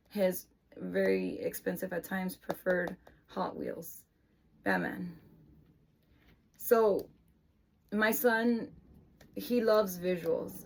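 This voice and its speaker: Slow-talking, earnest mother. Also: mid-range voice, vocal fry, slight background noise. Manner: emotional, earnest, lapses into excited praise voice. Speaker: mother of an autistic son. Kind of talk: casual explanatory vlog.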